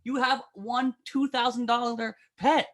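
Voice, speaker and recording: A man's voice: very high-pitched, level tone, measured pace, a bit bright. A middle-aged man doing a brash, profane, rambling stand-up bit as a guest on a live stream. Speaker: comedian guest.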